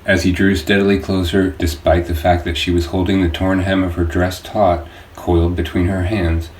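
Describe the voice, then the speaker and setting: A man reading his own audiobook in a slow, measured way. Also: low voice, a little mellow. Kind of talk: audiobook narration. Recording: echoey room, distant mic, faint noise.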